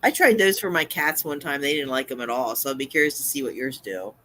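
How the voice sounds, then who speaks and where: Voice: mid-range voice, fast talker, bright, forceful tone. An easygoing co-host in a casual live-stream chat, laughing along.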